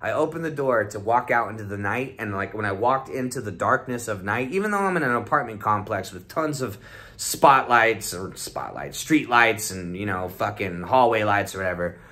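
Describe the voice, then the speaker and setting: This young vlogger has a fairly low, sharp-toned voice and speaks animatedly at a moderate speed. His trip report wanders and is loaded with profanity. Friends' lines get acted out in quotes.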